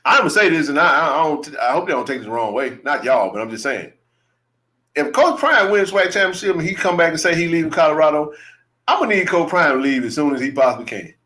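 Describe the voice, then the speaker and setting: A man's voice: a little high, very animated, fast talker, sharp tone. A man hosting a casual live sports chat. He talks animatedly, repeats himself and laughs often. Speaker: podcast host.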